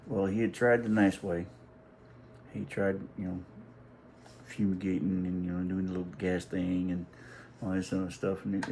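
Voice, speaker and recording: A man's voice: low-pitched, darkish tone, slight background noise, rough recording. A middle-aged man telling a family story in a casual, rambling, folksy way, restarting often and swearing now and then. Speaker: vlogger.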